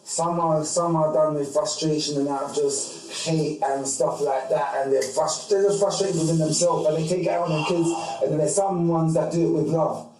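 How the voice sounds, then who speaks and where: A man hosting a podcast in casual chat, with halting restarts and murmured agreement. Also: fairly high pitch, fairly even intonation, a little mellow, far from the mic. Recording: echoey room, from off mic.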